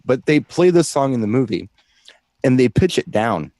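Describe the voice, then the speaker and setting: A man's voice: mid-range voice, very animated, moderate pace, warm tone, no echo. A man co-hosting a DJ show in casual chat, explaining things at length with enthusiasm. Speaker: DJ co-host.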